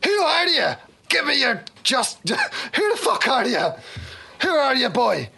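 A man voicing an aggressive male soldier who barks, swears and interrogates loudly. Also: very high-pitched, sing-song, unhurried, vocal fry, slightly rough, pitched above the performer's own voice, full character voice. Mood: angry.

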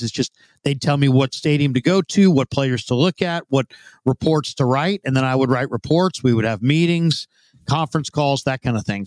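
A man's voice: mid-range voice, no echo. A man in his fifties, a former football scout, telling his career story in an interview with frequent restarts. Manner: rambling, with frequent restarts and fillers. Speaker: guest, former football scout turned radio host.

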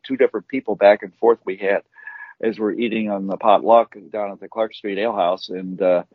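Guy co-hosting a podcast, chatty and rambly, bit husky, dry dull sound. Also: a little fast, no echo. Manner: chatty, rambling, lively pitch swings. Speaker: podcast co-host. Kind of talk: casual chat.

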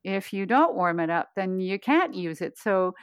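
A woman's voice: mid-range voice, expressive, moderate pace, smooth, dry recording. A woman voice coach guiding exercises patiently, demonstrating hums and chants. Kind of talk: guided voice exercises.

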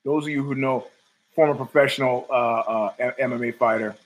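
A man's voice: medium pitch, steady tone, brisk, highs cut off. A man hosting his own show from home, ranting in a profane, sardonic and digressive way. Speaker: podcast host. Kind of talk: ranting solo commentary.

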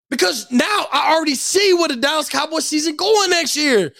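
A man's voice: extremely high pitch, expressive, normal speed, gravelly, pushed and bright. A young man giving an angry, profane sports rant, emphatic and heated. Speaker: sports commentator.

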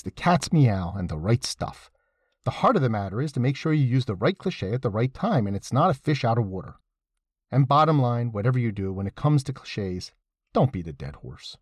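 A man reads a scripted essay in a husky voice that rises and falls with lively emphasis, tossing in wry, sardonic asides. The sound is dry and close, with no room around it. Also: mid-range voice, no echo. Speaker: essay reader.

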